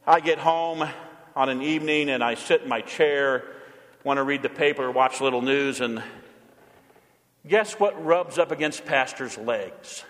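A male pastor preaching a sermon, emphatic, moving between loud proclamation and quiet asides. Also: mid-range voice, unhurried, in a large hall.

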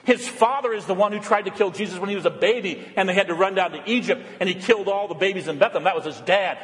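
A man's voice: high-pitched, quick pace, a bit bright, in a large hall. A man preaching a Lent sermon, earnest and pleading, sometimes putting on mocking quoted voices. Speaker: pastor.

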